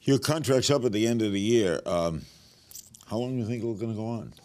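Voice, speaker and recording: A man's voice: on the low side, fairly quick, mellow. Older male host asking blunt questions. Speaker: talk show host. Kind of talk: interview questions.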